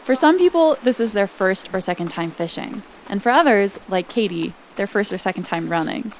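A woman narrates a documentary in a bright, upbeat way. Her pitch is middling, and a faint background hiss sits behind her. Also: lively intonation, moderate pace, low-quality recording.

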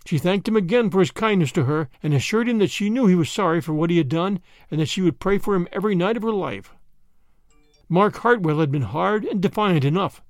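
Expressive male storyteller, high lively voice. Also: no echo, studio quality. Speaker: audiobook narrator and podcast host. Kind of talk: scripted narration of a classic story.

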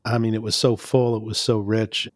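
A man interviewing a guest, asking calm, appreciative, unhurried questions. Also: on the low side, no room sound, studio quality.

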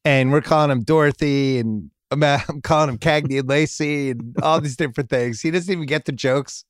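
A man's voice: fairly high pitch, fairly quick, no echo, studio quality. A middle-aged man hosting a podcast, telling a long family anecdote in a rambling way and laughing at his own jokes. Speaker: podcast host. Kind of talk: casual storytelling chat.

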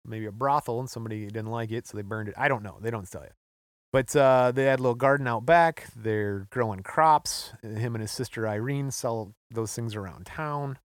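A man co-hosting a podcast, relaxed as he recounts a history story and laughing often. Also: medium pitch, normal speed, no room sound, clean studio sound. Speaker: podcast co-host. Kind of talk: casual storytelling chat.

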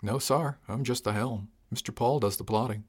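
A man's voice: mid-range voice, normal speed, natural voice. A man reading an audiobook, voicing a wry male helmsman who speaks bluntly and with dry cheek. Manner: blunt, dry, lightly insolent. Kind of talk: audiobook character voice.

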